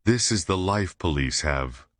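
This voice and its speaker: A man's voice: sits low, animated, measured pace, a bit bright, pitched above the performer's own voice. A man voicing a nervous, polite young woman who is a trainee reporter, apologising and giving thanks in an audiobook. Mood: flustered.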